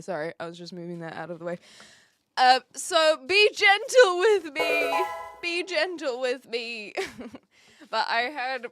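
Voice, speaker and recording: A woman's voice: mid-range voice, fairly bright tone, no echo, studio quality. A woman chatting casually on a live stream from an attic with brick walls, giggly and talkative as she reads chat aloud.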